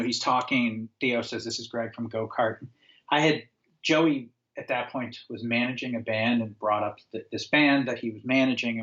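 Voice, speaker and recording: A man's voice: mid-range voice, highs cut off. A man from upstate New York, a guest on a podcast, telling an anecdote in casual conversation and acting out the quotes with lots of fillers. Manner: animated storyteller, acts out quotes, frequent fillers. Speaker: guest, former record label owner.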